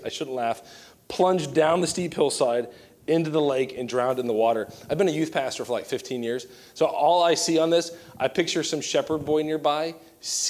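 A man in his thirties, a youth pastor, preaching a sermon with animated, joking asides. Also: a little high.

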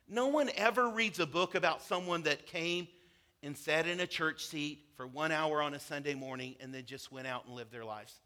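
Male pastor, sermon, high voice, bright tone, animated storytelling.

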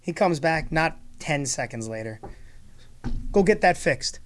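A man's voice: a little high, lively intonation, a little slow, a little hiss or hum. A man telling a funny story in casual conversation, acting out both sides of the exchange and laughing often as he talks.

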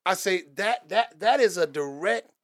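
An earnest man in a faith podcast who preaches his points, restarting and repeating words as he goes. His voice is quite high for a man. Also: animated, unhurried. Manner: earnest, repeats words, asks "you know what I'm saying". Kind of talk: casual faith talk, preaching tone.

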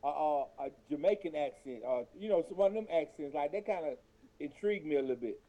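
A man's voice: on the high side, lively intonation, quick pace, dark tone. A man in a casual group chat, hesitant, repeating words as he searches for them.

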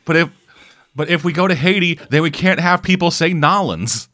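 A man co-hosting a podcast, telling a story in casual, profane, animated chat. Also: on the high side, fairly quick. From Canada. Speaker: podcast co-host.

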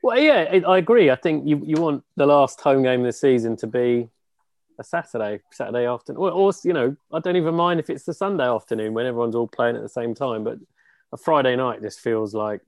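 A man's voice: medium pitch, expressive, brisk, no echo. A man talking football on a casual podcast, earnest and a little weary. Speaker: podcast guest.

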